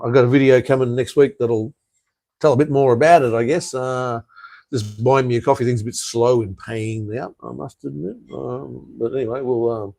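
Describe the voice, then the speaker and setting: A man's voice: mid-range voice, gravelly, darkish tone. An Australian man hosting a casual live stream, chatting loosely and answering viewer comments with lots of fillers, "mate" and "hey". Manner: rambling, with frequent "uh", "mate" and "hey".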